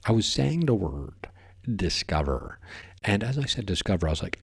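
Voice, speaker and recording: A man's voice: sits low, big pitch swings, normal speed, creaky, slightly rough. A man hosting a podcast, talking in a rambling, playful way and often tripping over his words. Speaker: podcast host. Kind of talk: casual podcast monologue.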